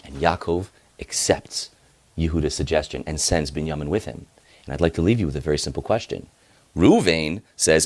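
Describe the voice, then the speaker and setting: A male rabbi teaching a short lesson, retelling a story in a casual, animated way. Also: a bass voice, brisk.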